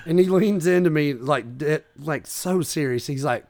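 A man with a fairly high-pitched voice speaks at normal speed over crowd noise. A comedian and author, he tells funny stories in a casual chat as an animated storyteller, acting out the voices of the people in them.

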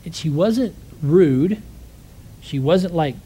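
A man's voice: a little high, animated, slow, mellow, husky, poor audio. A man preaching to a congregation, telling a personal story in a conversational way and closing in prayer. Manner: conversational storytelling, acts out quoted voices.

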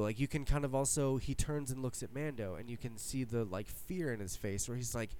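A man in casual podcast chat, talking excitedly, swearing and acting out his own reactions. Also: mid-range voice, brisk, hardly any pauses.

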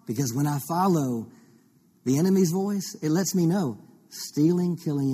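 A man's voice: a little high, lively intonation, normal speed, mellow, slightly rough. A man preaching a teaching sermon as pastor, reading scripture and posing rhetorical questions to the congregation. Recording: long reverb of a large hall.

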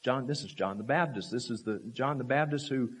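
A man preaching a sermon, emphatic and full of rhetorical questions, repeating key phrases and swinging from raised, forceful lines to low, quiet ones. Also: fairly quick, breathy edge.

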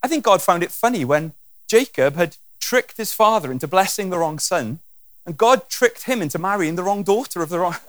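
A man's voice: sits high, fairly quick, no echo. A man preaching a sermon with humour, acting out scenes and voices as he goes. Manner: animated and humorous, acting out scenes.

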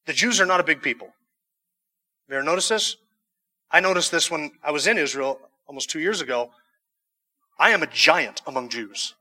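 A man's voice: high voice, a little fast, fairly bright tone, in a large hall. A man preaching a sermon, reading scripture verses and then explaining them in conversational asides with some humor. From United States. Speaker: pastor.

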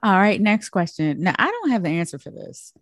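A woman's voice: mid-range voice, sing-song, brisk, no echo, clean studio sound. A woman hosting a casual chat, reading out questions with playful asides. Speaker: host.

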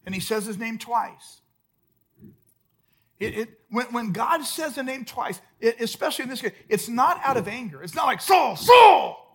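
A man preaching a sermon as pastor at a church service, emphatic, swinging between loud outbursts and hushed, soft lines. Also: extremely high pitch, animated, normal speed, husky.

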